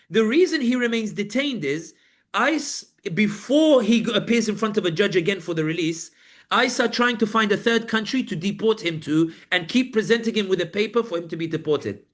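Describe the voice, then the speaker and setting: A British journalist, a guest on a live panel, tells his experiences as vivid stories, acting out guards and inmates in quotes. His voice is high with a fairly bright tone.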